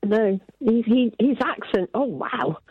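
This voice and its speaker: A woman's voice: fairly high pitch, animated, slow pace, slightly rough. Giggly woman caller on a dull line. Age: 30s. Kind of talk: phone-in call. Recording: dull dry phone line.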